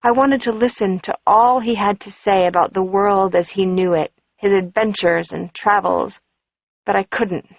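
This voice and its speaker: A woman's voice: medium pitch, steady tone, normal speed, creaky, dry recording. Female audiobook narrator, wry and conversational, dull dry recording. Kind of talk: first-person audiobook narration.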